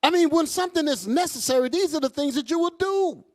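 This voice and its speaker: A man preaching a fiery, profane sermon to his congregation, calling out to them as he goes. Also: quick pace. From United States. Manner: loud, animated, swings high and low, profane, asks crowd "y'all all right?".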